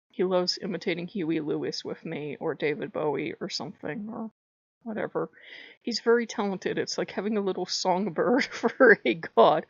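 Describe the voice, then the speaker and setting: A woman's voice: medium pitch, vocal fry, no room sound. A woman in her forties chatting casually to her viewers, rambling and laughing as she talks. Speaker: channel host. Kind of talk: casual vlog talk to camera. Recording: dull lo-fi sound, dry.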